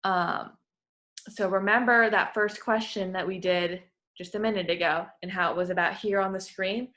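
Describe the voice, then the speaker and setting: A woman's voice: mid-range voice, steady tone, normal speed, fairly bright tone. A woman working as a voice clinician, giving patient, encouraging step-by-step instructions in a therapy session.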